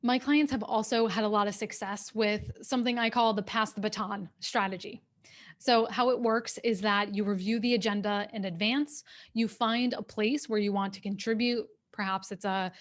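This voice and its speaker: A woman executive coach speaks into her webcam during an online workshop. Her voice sits at a middle pitch, and her delivery is clear, steady and instructive. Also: normal speed. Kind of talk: workshop talk. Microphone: webcam on a video call.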